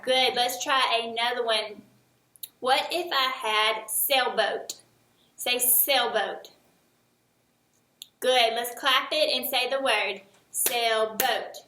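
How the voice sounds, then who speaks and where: Slow, bright-voiced woman teaching young children. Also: fairly high pitch, reverberant, a little hiss or hum. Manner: slow, encouraging, clearly enunciated. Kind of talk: early-years remote lesson.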